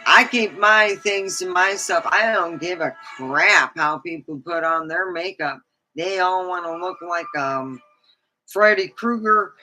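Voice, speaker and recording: Middle-aged woman livestream host, unhurried, bright-toned, chatty storyteller who laughs a lot, faint music behind. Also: on the low side, low-quality recording. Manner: chatty, laughs often, acts out quotes. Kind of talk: casual storytelling.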